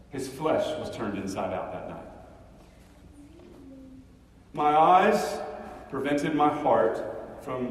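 A man preaching a dramatic first-person sermon monologue, impassioned, swinging between hushed and loud. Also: mid-range voice, a little hiss or hum. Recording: echoey hall, mic far off.

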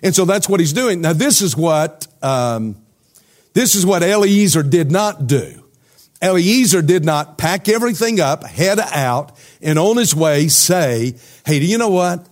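A man preaches to his congregation. His voice sits a little high, and he keeps checking in with his listeners. He explains in a relaxed, talkative way. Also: unhurried. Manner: conversational preaching with rhetorical questions to the congregation. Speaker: pastor. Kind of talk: sermon.

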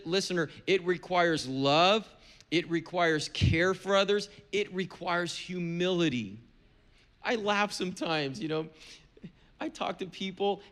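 A man's voice: high voice, a bit bright. A middle-aged man, a pastor, preaching a sermon in an earnest, conversational way with touches of humor.

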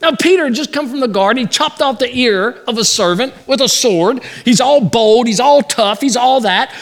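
A man preaching a sermon as pastor, animated, acting out the words of people in the story. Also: very high voice, normal speed.

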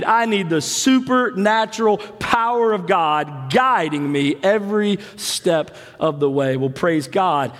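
A man preaching a sermon as pastor, with impassioned delivery that swings between rising emphasis and hushed, slow drops. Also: sits high, long reverb tail. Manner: impassioned preaching with dramatic pauses and soft drops. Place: church sanctuary.

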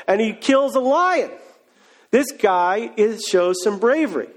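A man's voice: sits high, expressive, measured pace. A man preaching a sermon, retelling a story in a casual, joking way. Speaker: pastor.

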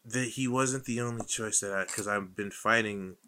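A man's voice: fairly low pitch, steady tone, sharp tone, slight background noise. A man co-hosting a podcast in casual, joking chat, swearing freely as he trades quips. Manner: joking, profane, quick back-and-forth. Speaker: podcast co-host.

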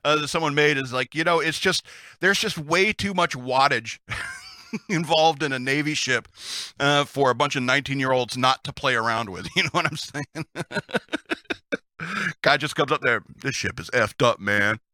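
Guy telling old navy stories, laughs a lot, real sharp bright voice, kinda high. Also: normal speed, pauses often, no room sound, studio quality. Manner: chuckles often, chatty asides. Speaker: host reading Navy stories. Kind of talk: casual storytelling.

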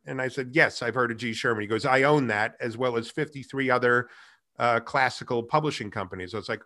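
A middle-aged man in a casual interview, telling his career story with lively acted-out dialogue. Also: medium pitch, fast. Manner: animated storyteller, acts out quoted dialogue. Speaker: guest, music tech company founder.

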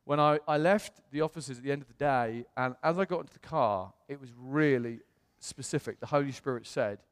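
A man, a pastor, telling a personal story in a sermon in a chatty, animated way. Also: mid-range voice, brisk, big-room sound. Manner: chatty storytelling, animated voices when quoting others.

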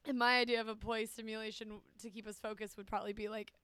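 A woman's voice: on the high side, little pitch movement, fast, a bit bright, smooth, no room sound. A woman co-hosting a podcast, telling a rambling story in a wry, casual way. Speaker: podcast co-host. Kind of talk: casual chat.

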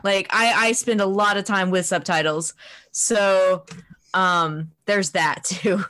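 Give me a woman in casual podcast chat, rambling and self-mocking, with an average pitch. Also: fairly even intonation, slow, a bit bright. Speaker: podcast co-host.

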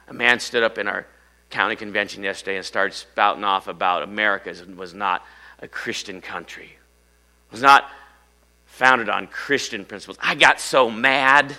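Delivering a church sermon, a middle-aged male pastor throws out rhetorical questions while shifting from booming to quiet. He speaks with a lowish voice.

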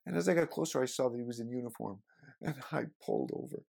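Pastor guy, middle-aged, gravelly voice, telling stories in a sermon. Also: mid-range voice, animated, fast, a little mellow. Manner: storytelling, conversational preaching.

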